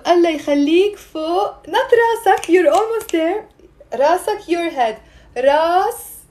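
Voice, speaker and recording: Woman teaching, fairly high voice. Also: mellow. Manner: chatty, answers viewers, drills pronunciation. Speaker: Arabic teacher. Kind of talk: live-streamed language lesson.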